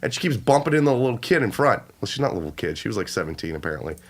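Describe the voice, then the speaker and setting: A young man co-hosting a podcast, telling a rant in a casual, animated way with swearing. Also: fairly low pitch, very fast. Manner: animated, swearing, acts out quotes. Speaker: podcast co-host. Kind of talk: casual ranting story.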